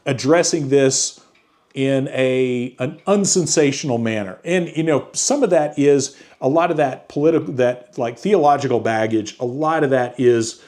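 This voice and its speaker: A man casually talking through a book review, halting often with fillers and restarts. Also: mid-range voice, a little mellow. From United States.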